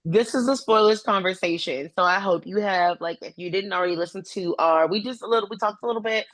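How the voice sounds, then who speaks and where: A woman co-hosting a podcast in casual chat, talking in an animated, emphatic and slangy way. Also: mid-range voice, fast, no room sound. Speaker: podcast co-host.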